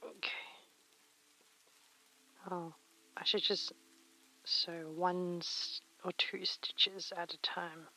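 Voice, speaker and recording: A woman streamer chatting casually while she sews, reading chat aloud and muttering soft whispers to herself. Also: fairly low pitch, little pitch movement, drawn-out words, pauses often, a little hiss or hum, rough recording. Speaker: live streamer.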